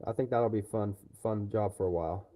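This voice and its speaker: Male livestreamer, profane and fired-up ranting, warm dark tone. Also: on the low side, fairly quick. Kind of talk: livestream rant.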